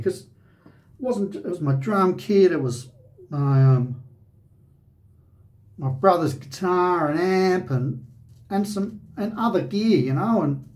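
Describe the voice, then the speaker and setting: A man's voice: sits high, expressive, slow pace, long pauses, a little mellow. An Australian man, host of a shaving channel, telling a personal story in a rambling, conversational way with lots of "you know".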